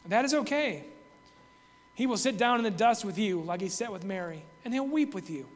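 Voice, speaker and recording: A man with a notably high-pitched voice teaches from the Bible in a calm, reflective tone. He reads scripture aloud between his explanations. The sound carries a long hall reverb. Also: normal speed. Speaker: preacher.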